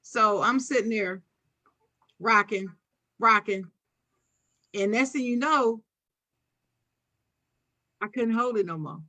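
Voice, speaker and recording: A woman's voice: on the high side, takes it slowly, long pauses. A woman with a Philadelphia accent telling a childhood story on a casual podcast, acting out the voices she quotes. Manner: animated, acts out quoted voices. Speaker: podcast co-host.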